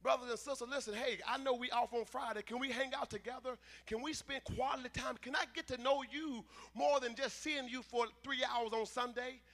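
A man preaching a sermon in church, emphatic and conversational, swinging between loud declarations and quieter asides. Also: very high-pitched, fairly even intonation, brisk, hardly any pauses. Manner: emphatic preaching, rising to shouts, dropping to asides. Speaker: pastor. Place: church sanctuary.

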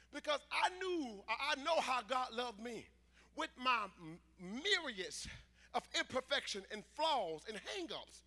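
A man preaching a sermon, shouting emphatic lines and dropping to quiet asides, stretching his words out slowly. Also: very high voice. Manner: drawn-out emphatic phrasing. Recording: long hall reverb.

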